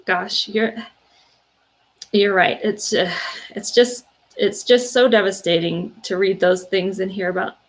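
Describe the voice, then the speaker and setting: A woman hosts a casual livestream, reading viewers' stories aloud. Her voice has a steady vocal fry, and her pitch sits in the middle range for a woman. She reacts in an emotional, gushing way, with soft fillers between her words. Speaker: livestream host.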